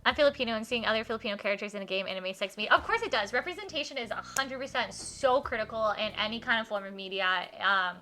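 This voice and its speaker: A woman from the southern United States streaming a visual novel. She chats with her viewers, giggles and mocks herself, and reads the narration aloud in a softer, lower voice. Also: fast, few pauses. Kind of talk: live-stream chat while reading a visual novel aloud. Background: faint game music.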